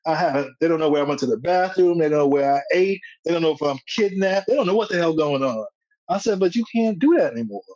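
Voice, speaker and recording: A man's voice: fairly high pitch, fast talker, no room sound, highs cut off. A man who is a comedian, guest on a podcast, telling stories in casual chat and acting out quotes with street slang. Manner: animated storyteller, acts out quotes, street slang.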